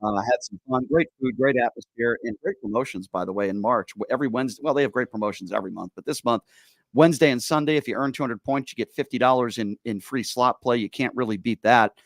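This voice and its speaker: A man hosting a talk radio show, telling stories in an animated, exasperated way. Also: medium pitch, fast, dry recording, clean studio sound. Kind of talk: casual talk radio chat.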